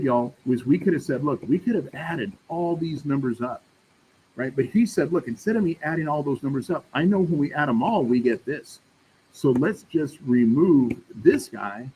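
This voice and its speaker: A man teaches math in a casual, chatty classroom lecture, animated and dark-toned at a medium pitch and moderate pace. He addresses the class as "y'all" and checks in frequently with "right?". The audio is low quality, with slight background noise.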